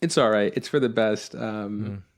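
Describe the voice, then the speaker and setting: A man's voice: on the low side, unhurried. Easygoing man teasing his co-host. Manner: easygoing, mock-outraged teasing, many fillers. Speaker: podcast co-host. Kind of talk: casual chat.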